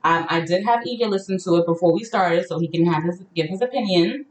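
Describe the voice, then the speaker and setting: A woman's voice: fairly low pitch, quick pace. A woman with a New York accent hosting a podcast, talking loosely with many fillers and some cussing. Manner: loose, filler-heavy, profane. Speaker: podcast host. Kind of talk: casual podcast chat. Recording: echoey room, mic at a distance.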